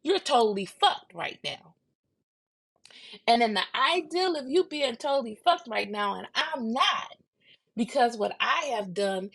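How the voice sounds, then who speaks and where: A woman in her fifties hosting a podcast, talking bluntly and swinging from low murmurs to loud outbursts. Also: a little slow, vocal fry. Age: 50s. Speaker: podcast host. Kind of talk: casual monologue.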